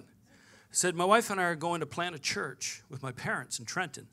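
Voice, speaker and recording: A man's voice: sits high, lively intonation, moderate pace, pushed and bright. A man, preaching a sermon and telling a personal story with quoted dialogue. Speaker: pastor.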